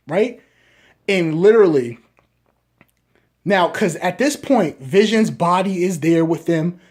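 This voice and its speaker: A man's voice: sits high, lively intonation, normal speed. A man giving a casual, rambling spoken movie review who keeps adding "right?" and restarts his sentences.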